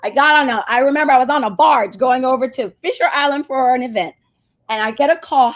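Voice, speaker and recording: She talks fast, her voice sitting high: a marketing agency chief executive recounting a story in a casual interview, animatedly voicing the people she quotes.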